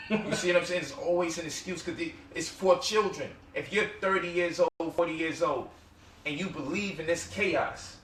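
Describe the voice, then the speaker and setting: Bright-voiced man in an echoey room. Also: a little high, slight background noise. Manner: rhetorical questions, mocking quotes. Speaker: guest speaker. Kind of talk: impassioned lecture-style talk. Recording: echoey room, mic at distance.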